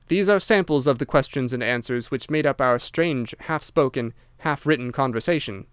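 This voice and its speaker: A man narrating a classic detective story in a measured, storytelling style. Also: mid-range voice, smooth, no echo, studio quality. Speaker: audiobook narrator. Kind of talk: scripted audiobook narration.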